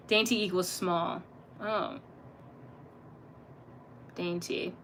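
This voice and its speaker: A woman's voice: on the low side, steady tone, very slow, a little hiss or hum. A young woman hosting a casual livestream, reading chat aloud, laughing often and swearing freely as she chats playfully.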